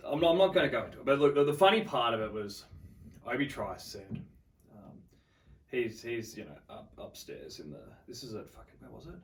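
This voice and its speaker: Fast-talking Australian man telling a story. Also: medium pitch, animated, far from the mic. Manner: swears a lot, acts out quotes. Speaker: podcast guest, rapper. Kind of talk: casual storytelling.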